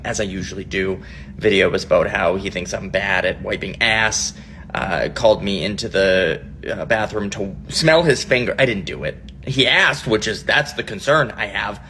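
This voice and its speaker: A man's voice: lowish voice, normal speed, sharp tone, slight background noise. A man in his thirties doing a profane, exasperated comic rant about parenting. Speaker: comedian.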